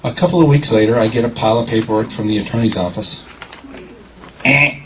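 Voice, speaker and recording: A man telling a lively courtroom-clerk story in a confident storytelling talk, acting out the dialogue. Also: medium pitch, fairly quick, a little hiss or hum. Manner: animated, acts out dialogue, confident. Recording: muffled lo-fi recording.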